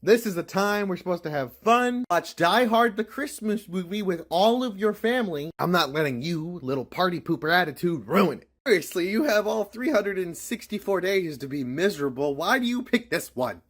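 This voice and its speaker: A man's voice: high voice, lively intonation, moderate pace, hardly any pauses, voice pushed up. A man playing brash, festive America. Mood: scolding. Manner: teasing, preachy. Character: brash cheerful man personifying America, Christmas-loving. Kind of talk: comedy sketch acting.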